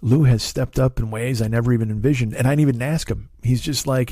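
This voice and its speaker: Middle aged comedian guy rambling thru a story, swears a lot, mellow voice, dead dry mic. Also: mid-range voice, steady tone, fast talker, hardly any pauses, no room sound. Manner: rambling, profane, self-deprecating. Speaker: comedian podcast host. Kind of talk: comic storytelling monologue.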